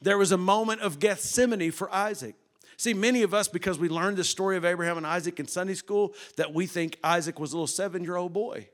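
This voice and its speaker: A man's voice: high-pitched, quick pace. Dynamic preacher man with a twang. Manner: dynamic, swings from hushed to loud and emphatic; rhetorical questions to the congregation. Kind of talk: sermon.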